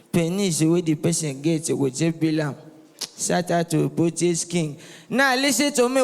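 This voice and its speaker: A man's voice: a little high, vocal fry, a little mellow, long reverb tail. A Nigerian man doing a rowdy stand-up comedy set, teasing the crowd and calling for responses. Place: live comedy venue.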